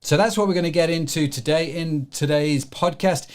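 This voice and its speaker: A man's voice: a little high, normal speed, darkish tone. A man hosting an e-commerce podcast, who talks in a chatty, rambling way full of fillers and restarts. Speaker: podcast host. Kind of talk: podcast interview.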